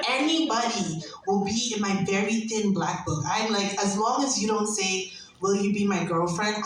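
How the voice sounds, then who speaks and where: A young woman doing stand-up comedy, telling a brash, animated story and breaking into laughter. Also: mid-range voice, distant mic, slight background noise. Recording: echoey room, heard from afar.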